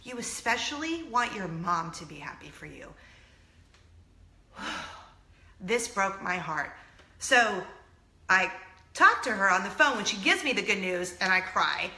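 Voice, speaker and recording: Earnest woman, bright voice. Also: mid-range voice, big pitch swings, measured pace, long pauses, roomy sound. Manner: emotional, earnest, near tears at times. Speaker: vlog host. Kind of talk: casual storytelling to camera.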